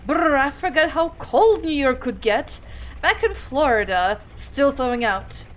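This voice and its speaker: A woman's voice: high voice, lively intonation, a little slow. A woman voicing an older mother writing tenderly to her grown son.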